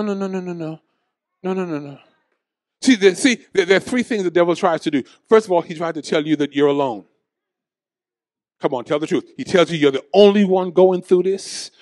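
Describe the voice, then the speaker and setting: A man's voice: sits high, creaky, dry recording, studio quality. A man preaching a sermon in a church, calling on the congregation to answer back. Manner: shouting preacher with call-and-response. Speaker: pastor. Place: church sanctuary.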